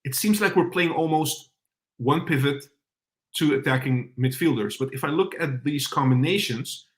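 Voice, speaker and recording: A man's voice: fairly high pitch, moderate pace. A man hosting a casual football podcast. He reads out viewer comments, puts questions to his panel and talks in a hesitant way with many fillers. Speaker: podcast host.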